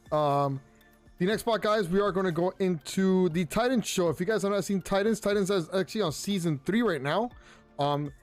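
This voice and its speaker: A young man with a high voice talks through his reviews in a loose, rambling way. He restarts sentences often and gets excited in quick asides. Soft music plays faintly behind him. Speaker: podcast host. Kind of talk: casual review chat. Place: home room.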